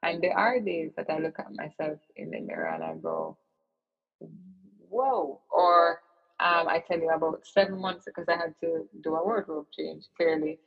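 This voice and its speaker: A woman's voice: sits low, animated, moderate pace, creaky, husky, soft background music. A woman guest in an interview, telling a personal story in an earnest, reflective way with many fillers and restarts. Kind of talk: personal storytelling in casual chat. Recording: dull lo-fi recording.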